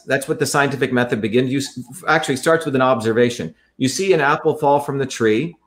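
A man's voice: mid-range voice, quick pace, few pauses, fairly bright tone. A man talking in an interview, explaining at length in an earnest, lecturing way and often repeating his phrases. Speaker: guest.

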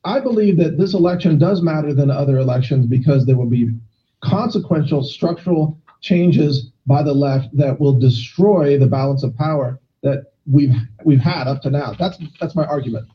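A man's voice: a little high, normal speed, dull audio. A man from Texas, interviewing and earnestly pushing back with policy points in a political debate. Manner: earnest, conservative pushback.

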